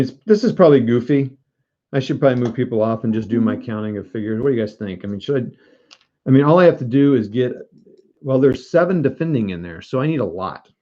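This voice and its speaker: Guy joking around on a live wargame stream, mellow voice, kinda dull lo-fi audio. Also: mid-range voice. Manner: joking, self-mocking, talks to chat. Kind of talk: casual live-stream commentary.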